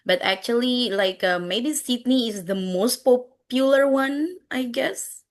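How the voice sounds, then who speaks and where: A woman's voice: a little high, measured pace. A woman with an Indonesian accent teaching an English class, chatty, quizzing her students and dropping in Indonesian words. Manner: chatty, mixes in Indonesian words, laughs often. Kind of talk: online class questioning students.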